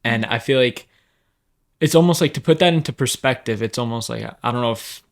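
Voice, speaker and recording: A man's voice: mid-range voice, brisk. Hesitant man explaining through analogy. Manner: hesitant, uses extended analogies. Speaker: podcast panelist. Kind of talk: casual faith discussion.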